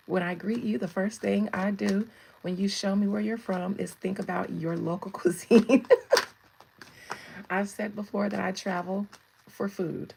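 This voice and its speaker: A woman's voice: mid-range voice, gravelly, darkish tone, a little hiss or hum, rough recording. A woman hosting a casual tarot livestream, chatting with viewers and laughing often. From United States. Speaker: tarot reader and livestream host.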